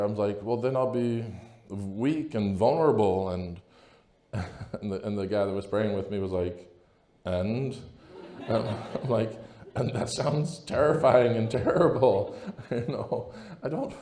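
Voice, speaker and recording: A man with a warm, mellow voice gives an earnest talk to a conference crowd. He speaks in a casual, personal way and keeps checking in with his listeners. The sound rings in a large echoey hall. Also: mid-range voice. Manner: earnest, conversational, keeps asking "right?". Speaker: priest.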